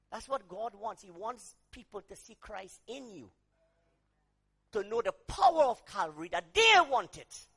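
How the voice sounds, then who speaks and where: A male preacher with a strikingly high, bright voice that leaps up and down in pitch. He moves between soft, intimate asides and shouted declarations, acting out the voices of people he quotes. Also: expressive, normal speed, breathy edge. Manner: swings from quiet asides to shouted emphasis. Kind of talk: sermon.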